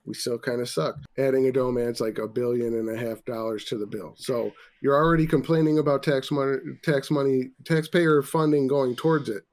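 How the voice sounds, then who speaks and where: A man's voice: mid-range voice, steady tone, fairly quick, few pauses, darkish tone. A man hosting a casual podcast, ranting profanely about sports after a few drinks. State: tipsy. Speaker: podcast host.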